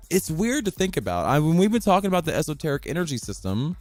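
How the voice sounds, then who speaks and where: A man's voice: wildly swooping pitch, brisk, a little mellow, soft background music. Sassy, swearing male podcast host. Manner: sassy, profane and playful, with big swings in pitch. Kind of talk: casual podcast monologue.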